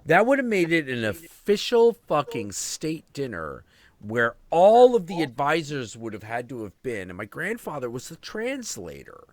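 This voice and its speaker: A man in his thirties hosting a casual stream chat, telling stories in an animated, profane way. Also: fairly high pitch, moderate pace. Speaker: host.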